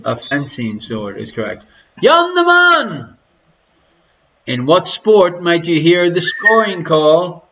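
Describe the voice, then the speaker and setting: Reading questions for a live-streamed pub quiz in his living room, an Irish man jokes crudely and teases his players. He's on the high side, unhurried and a bit bright, and the lo-fi sound carries slight background noise.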